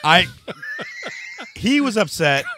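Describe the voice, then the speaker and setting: A man's voice: high-pitched, big pitch swings, takes it slowly, bright, forceful tone, slight background noise. A man telling a story in casual chat, rambling with restarts and laughing as he goes.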